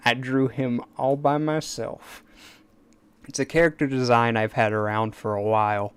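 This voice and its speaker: A man's voice: mid-range voice, flat delivery, slow pace, long pauses, clean tone. A man chatting on a casual live stream at his desk mic, rambling and eager, with stammered restarts and asides. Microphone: desk microphone.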